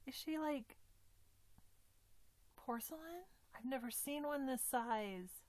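A woman unboxing gifts in a casual vlog, gushing with excitement and often dropping to a whisper. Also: on the high side, takes it slowly. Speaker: doll collector unboxing gifts.

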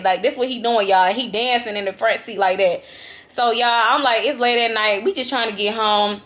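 A young woman vlogger telling a travel story to her viewers in a lively, dramatic, casual way. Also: fairly high pitch, moderate pace. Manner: animated, dramatic retelling, addresses viewers as y'all. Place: vacation lodging, indoors.

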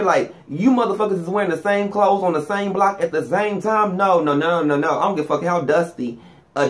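Sassy flamboyant man, slightly high voice. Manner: sassy, flamboyant, swings pitch up and down for emphasis. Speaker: vlogger. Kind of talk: profane comedic gossip monologue.

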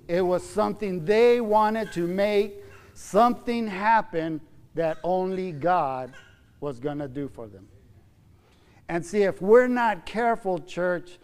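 Male pastor preaching, smooth clear voice, keeps asking the church amen, echoey sanctuary. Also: sits high, a little mellow. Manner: preaching with frequent "amen?" and "church" call-outs. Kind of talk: sermon. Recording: long church hall reverb.

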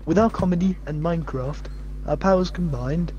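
A young man in excitable, joking gaming banter, swearing and laughing with friends. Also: fairly high pitch, moderate pace, lo-fi sound, a little hiss or hum. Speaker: gamer friend.

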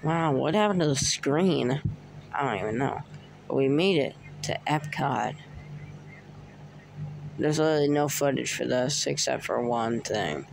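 A man casually narrating a plush skit, excitable and breaking into whoops and cheers. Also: medium pitch, unhurried, gravelly, long pauses, a little hiss or hum. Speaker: plush video maker. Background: music.

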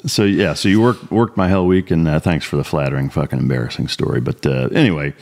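A low, deep-voiced man from Iowa hosts a podcast in relaxed, profane conversation. He stops and restarts his sentences as he thinks aloud. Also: fast talker, gravelly. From Iowa, USA. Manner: profane, hesitant with fillers and restarts. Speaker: podcast host. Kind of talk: casual interview chat.

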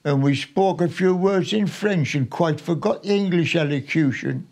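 A man's voice: a little high, normal speed, darkish tone, natural voice. An old man reciting as a plain-spoken North East lad. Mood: wry. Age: 90s. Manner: rhyming, sing-song verse delivery. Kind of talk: reciting a poem in local dialect.

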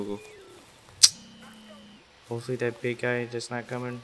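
A man's voice: mid-range voice, flat delivery, normal speed, slight background noise. A man giving live gameplay commentary, talking to himself and repeating phrases in bursts when he gets startled. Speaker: gaming YouTuber.

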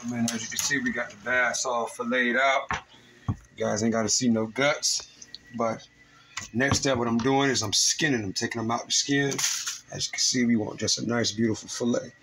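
In his home kitchen, a fishing show host guides viewers step by step through filleting a fish, giving steady instructions in a cooking demonstration. His voice is medium-pitched at a normal speed, and the background is noisy.

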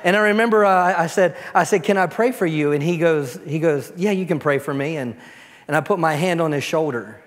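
A pastor giving a storytelling sermon, dropping to a soft, quiet voice when he prays. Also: a little high, a little fast. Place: church sanctuary. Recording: long church reverb.

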